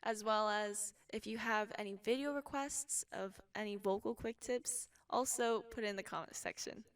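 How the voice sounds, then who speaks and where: A young woman teaching a casual singing lesson, explaining calmly between sung examples. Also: mid-range voice, normal speed, far from the mic. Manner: relaxed explaining, with sung demonstrations. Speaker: vocal instructor.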